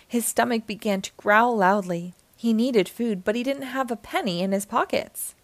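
A woman narrating a children's storybook aloud, with an expressive, clear delivery. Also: fairly high pitch, normal speed, no room sound. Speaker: children's book reader.

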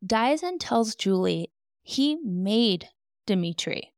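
A woman's voice: mid-range voice, lively intonation, normal speed, creaky, dry recording, studio quality. A woman hosting a true crime podcast, retelling a con man's story with sarcastic, incredulous asides.

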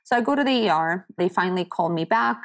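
A woman's voice: on the low side, lively intonation, fast. A woman sharing a personal story as a podcast guest, talking candidly and earnestly, often quoting what others said to her. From United States. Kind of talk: personal story in casual conversation.

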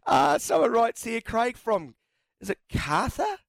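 A man's voice: extremely high pitch, very animated, measured pace, gravelly, no room sound. A man hosting talkback sports radio, chatting and reading out listener texts. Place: radio studio.

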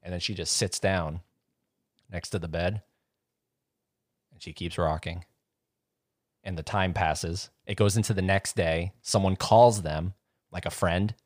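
Guy with a really low voice rambling thru a movie story, dry close sound. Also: fairly even intonation, unhurried, long pauses, no room sound. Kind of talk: casual chat about horror movies.

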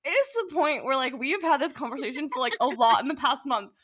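A young woman with a high voice chats casually and tells animated stories, laughing often. Her tone is bright and crisp. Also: quick pace. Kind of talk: casual chat.

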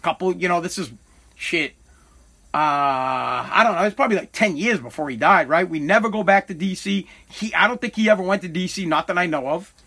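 A middle-aged man from Massachusetts hosts a podcast and tells a personal story, stumbling, correcting himself and swearing as he goes. His voice sits high and has a bright, cutting edge. Under it all he sounds weighed down by regret. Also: a little fast, slightly rough. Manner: rambling, profane, self-correcting; heavy with regret.

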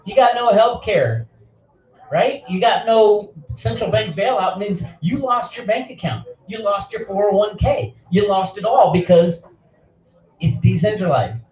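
A man's voice: high-pitched, unhurried, darkish tone. Fiery ranting man, roomy and distant. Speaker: online channel host. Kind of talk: impassioned speech. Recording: roomy, distant, dull lo-fi sound.

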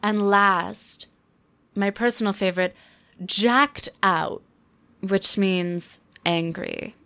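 A woman in her twenties reviewing a book in casual commentary, with sarcastic deadpan asides. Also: mid-range voice, slow, gravelly, clear, resonant tone.

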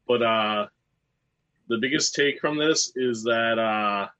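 A man's voice: medium pitch, slow, bright, forceful tone. A man on a casual online panel, giving blunt opinions and swearing casually. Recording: dull lo-fi call audio.

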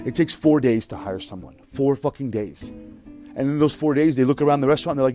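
On his podcast, a man in his thirties with a mid-range voice rants rapidly through a work story, fed up, exasperated and swearing freely while mimicking other people's voices. Faint guitar music plays softly beneath him.

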